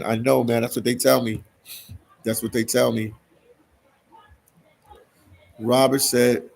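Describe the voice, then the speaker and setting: Here a man from Philadelphia casually reads viewer comments on his live stream, relaxed and saying "man" a lot. His voice sits mid-range with a level tone and measured pace, a little mellow and slightly rough, with vocal fry and long pauses.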